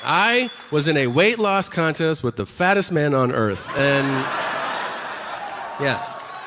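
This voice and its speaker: A man's voice: on the high side, animated, takes it slowly, in a large hall, crowd noise, background noise. A man performing a stand-up comedy set with sarcastic, mock-boastful, profane punchlines.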